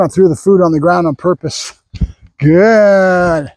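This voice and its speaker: High-voiced opinionated older male dog trainer. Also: slow, a little mellow, low-quality recording. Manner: opinionated, rambling, breaks off to praise the dog. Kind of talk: training vlog with running commentary.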